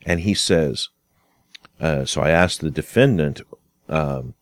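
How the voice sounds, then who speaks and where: Brief: low-voiced male lecturer, dry close sound, unhurried explanatory delivery. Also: no room sound. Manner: unhurried, explanatory, acts out quoted dialogue. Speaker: instructor on arguments and fallacies. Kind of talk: casual spoken lecture.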